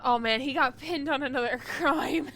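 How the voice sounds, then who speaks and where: A woman's voice: high-pitched, moderate pace, a bit bright, slight background noise. A woman streamer giving casual live commentary on a game, gushing, laughing and swearing freely.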